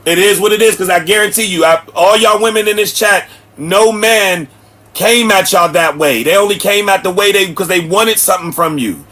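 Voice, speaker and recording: High-voiced man ranting at his live chat. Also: normal speed, fairly bright tone. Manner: blunt, preachy, addresses chat directly. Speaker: livestream host. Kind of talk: ranting livestream commentary. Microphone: streaming setup mic.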